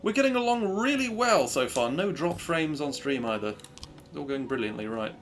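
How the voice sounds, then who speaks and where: A man's voice: fairly high pitch, expressive, moderate pace, slight background noise. A man chatting upbeat through a live speedrun, cheering his own progress and making asides to his stream viewers. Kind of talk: live gameplay commentary.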